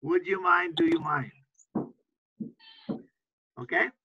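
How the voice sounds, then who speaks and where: A man's voice: sits high, slow, slightly rough, no echo, muffled recording. A man teaching an English class to students, patiently repeating example phrases and often checking understanding with "right?".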